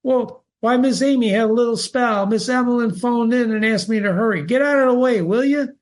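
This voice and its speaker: A man's voice: extremely high pitch, brisk, voice pushed up. A man reading aloud, voicing a brusque small-town doctor in a hurry, raised well above his own voice. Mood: hurried. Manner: impatient, pushing past.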